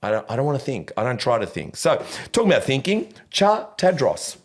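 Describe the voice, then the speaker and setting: A man hosting a podcast, telling stories in a lively casual way and swearing freely. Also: mid-range voice, brisk. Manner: animated storyteller, swears casually, laughs often. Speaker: podcast host.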